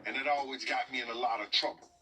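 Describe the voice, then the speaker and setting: A man's voice: mid-range voice, fairly even intonation, fast talker. A man recounting events in a played interview clip, talking conversationally and checking in with his listener. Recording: distant mic with music underneath.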